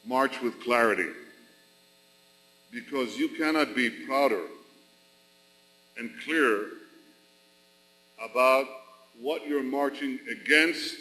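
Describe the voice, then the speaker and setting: A man from Israel addressing a large rally, speaking slowly and deliberately with emphatic, repeated phrases. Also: mid-range voice, pushed and bright. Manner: slow, deliberate, emphatic with rhetorical repetition. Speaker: national leader addressing a rally. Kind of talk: formal public speech. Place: large arena. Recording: long arena reverb.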